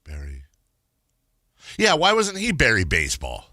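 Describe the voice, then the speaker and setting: Playful, lively sports radio host. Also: male voice, medium pitch, no room sound, clean studio sound. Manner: playful, riffing, quick to laugh. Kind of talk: casual sports radio banter.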